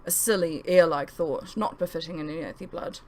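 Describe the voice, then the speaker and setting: A woman's voice: deep voice, moderate pace. A woman author narrating her own novel as an audiobook. She tells it in the first person, leaning into the feelings of each line. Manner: expressive first-person storytelling.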